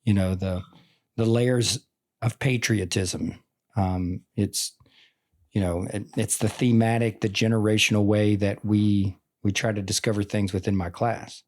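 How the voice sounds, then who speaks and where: Man in his forties, lowish voice, earnest, rambling, casual chat. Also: fairly even intonation, a little slow, darkish tone. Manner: earnest, rambling, full of "like" and "I mean". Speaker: teacher and podcast guest. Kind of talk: casual conversation.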